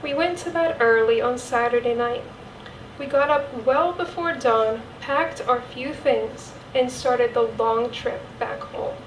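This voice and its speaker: A woman's voice: a little high, slight background noise, lightly acted. A woman playing a grieving follower of Jesus, reciting an earnest first-person monologue in a church cantata. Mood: solemn. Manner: earnest storytelling, vivid and measured. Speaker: cantata narrator. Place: church sanctuary. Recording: echoey church from far off.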